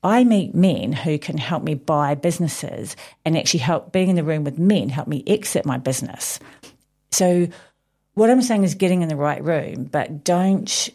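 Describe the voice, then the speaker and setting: Woman, 40s, low gravelly voice, energetic talker. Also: moderate pace. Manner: loud, animated, bursts of laughter. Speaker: business owner guest. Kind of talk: casual radio chat.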